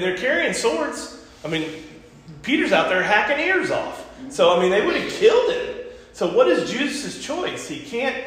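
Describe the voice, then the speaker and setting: A man's voice: high-pitched, a bit bright. A man hosting a casual Bible discussion podcast, talking earnestly and repeating himself as he works through a passage. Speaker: preacher and podcast host. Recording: echoey room with long reverb.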